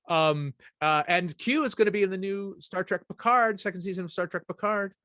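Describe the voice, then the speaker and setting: A man's voice: sits high, normal speed, sharp tone, no echo, clean studio sound. A middle-aged man hosting a casual chat, telling a rambling, anecdotal story full of restarts. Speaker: host.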